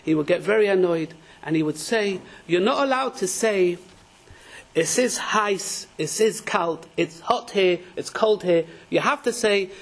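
A man's voice: high-pitched, very animated, normal speed. A man with teaching a Torah class, telling stories with dramatic energy and raising his voice when quoting people. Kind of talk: animated religious lecture with acted-out stories.

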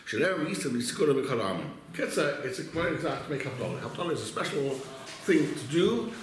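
Leading an informal Torah lesson for a small group, a man shares a story and then works through Jewish law, halting and restarting often and using Hebrew terms. His medium-pitched voice swings widely in pitch, set in heavy reverb.

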